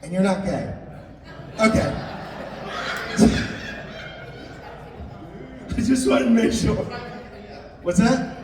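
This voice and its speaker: A young man doing a stand-up comedy set in a live venue, animated, jumping into shouted high outbursts and teasing the crowd. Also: extremely slow, long pauses. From Italian-American family. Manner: crowd work, teasing audience members. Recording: echoey hall recorded from far off, audience noise.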